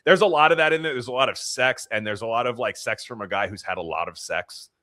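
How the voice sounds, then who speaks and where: A man's voice: mid-range voice, fast, pushed and bright, dry recording, studio quality. A man co-hosting a casual book podcast, rambling with fillers and restarts and laughing often. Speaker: podcast co-host.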